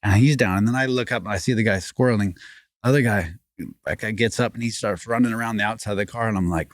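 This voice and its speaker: Low-voiced man telling a rambling story. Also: quick pace, no echo, studio quality. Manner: rambling, animated, many restarts and fillers. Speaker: podcast guest, former fighting champion. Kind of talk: casual storytelling chat.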